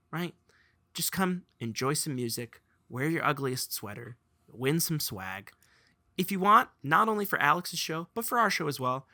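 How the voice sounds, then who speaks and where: Young guy podcast host, super bright tone, dry close mic, laughs a lot telling stories. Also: mid-range voice, no echo. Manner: animated storyteller, laughs while telling. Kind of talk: casual podcast chat.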